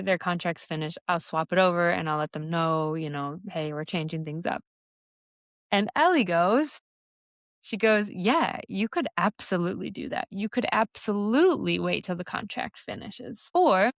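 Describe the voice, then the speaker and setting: Her voice is fairly low and creaky as this young woman, a somatic embodiment coach, hosts her own podcast alone. She talks openly and conversationally about her coaching, filling gaps with lots of fillers. The recording is clean studio audio without any room sound.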